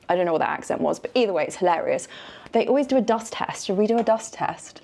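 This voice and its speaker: A young English woman chatting playfully through a hotel room tour vlog, dropping into quiet murmured asides. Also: fairly low pitch, lively intonation, fast talker, gravelly. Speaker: vlogger.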